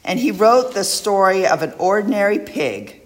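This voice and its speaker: A woman preaching a sermon, reading a poem aloud in a slow, reflective way. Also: medium pitch, animated. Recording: echoey hall.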